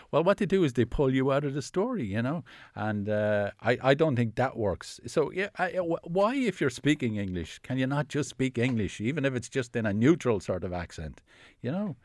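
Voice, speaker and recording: A man's voice: fairly low pitch, no room sound, studio quality. An Irish man talking about new films on the radio, hesitant, with many fillers and restarts. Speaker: film critic. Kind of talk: casual radio film review. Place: radio studio in Dublin.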